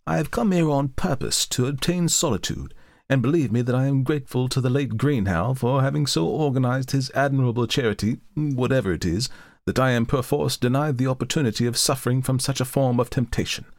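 A man's voice: medium pitch, brisk, darkish tone, no room sound, studio quality, pitched above the performer's own voice, natural voice. A man voicing a formal, bookish young scholar. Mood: courtly. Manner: formal, courtly, wordy.

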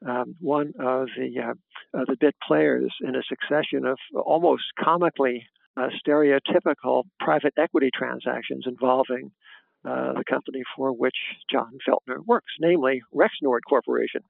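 Host, male, gravelly voice, halting with fillers, dry wit, dry phone-line sound. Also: medium pitch, no room sound. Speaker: podcast host. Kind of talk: conversational interview.

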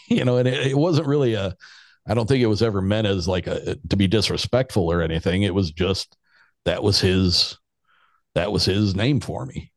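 Very deep-voiced man telling a rambling anecdote. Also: normal speed, dry recording, clean studio sound. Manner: rambling, with restarts and chuckles. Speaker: storyteller. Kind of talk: casual personal anecdote.

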